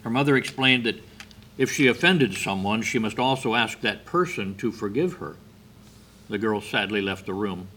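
A man giving a sermon, telling stories in a slow, measured way with brief hesitations. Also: fairly low pitch, animated, bright, forceful tone. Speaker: preacher.

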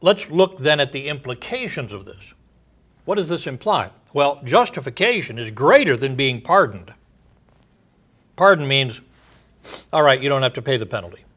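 Man preaching, pastor style, bright forceful voice, reads scripture and throws out questions. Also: mid-range voice, big pitch swings, moderate pace, pauses often. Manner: emphatic preaching, reading scripture aloud, with rhetorical questions. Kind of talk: sermon.

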